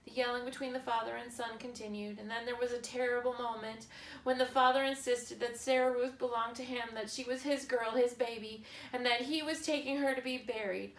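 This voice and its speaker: A woman narrating a children's novel chapter in a slow, measured reading style. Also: on the high side, steady tone. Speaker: audiobook narrator. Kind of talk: scripted narration. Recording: echoey room with faint ambience.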